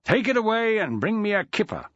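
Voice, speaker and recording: A man's voice: sits high, very animated, brisk, a bit bright, dry recording, highs cut off, pitched above the performer's own voice. A man reading an audiobook, voicing a wry, theatrical male schoolteacher with a dry, mock-grand way of talking. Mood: sardonic.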